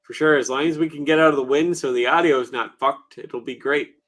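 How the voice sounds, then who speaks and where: A man's voice: on the high side, fairly even intonation, a little fast, a bit bright. A Canadian man with a Canadian accent chatting casually, joking and swearing, often trailing off. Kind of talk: casual podcast chat.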